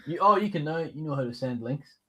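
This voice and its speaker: A man's voice: a little high, lively intonation, a little fast, sharp tone, a little hiss or hum. A man co-hosting a livestream, chatting casually in a jokey way. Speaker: livestream co-host. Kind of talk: casual chat.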